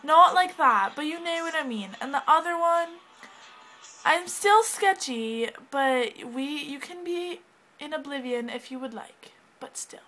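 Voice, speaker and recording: High bright bubbly woman in a put-on English accent. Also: animated, unhurried, faint music behind, poor audio. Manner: bubbly, scattered, giggly, self-interrupting. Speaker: vlogger. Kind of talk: rambling casual vlog talk. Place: at home indoors, with a cat.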